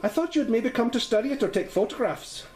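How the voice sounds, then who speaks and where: A man's voice: very high voice, lively intonation, fast, darkish tone, echoey room, slight background noise, voice pushed up. A man voicing a chatty village landlady with a put-on Scottish-sounding lilt. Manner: chatty, lilting, homely. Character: kindly village landlady, warm but guarded.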